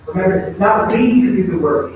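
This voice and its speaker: High pitched guy preaching, lots of rhetorical questions, sounds far off in a big echoey church. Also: expressive, fast talker, a little mellow, lo-fi sound, slight background noise. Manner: conversational preaching, asks the congregation rhetorical questions. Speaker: pastor. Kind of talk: sermon. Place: church sanctuary. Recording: echoey church hall, mic at a distance.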